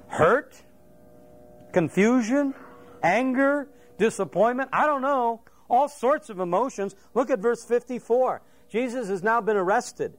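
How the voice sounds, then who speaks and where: A man's voice: very high voice, a little slow. A middle-aged man preaching a sermon, telling the story vividly and acting out the quotes and a crowing rooster. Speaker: pastor.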